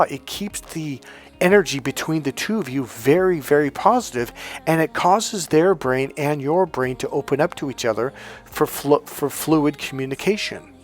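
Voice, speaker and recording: A man's voice: a little high, normal speed. Emphatic male coach with faint music. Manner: emphatic, repetitive, chanting mantras. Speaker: life coach. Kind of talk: motivational coaching monologue.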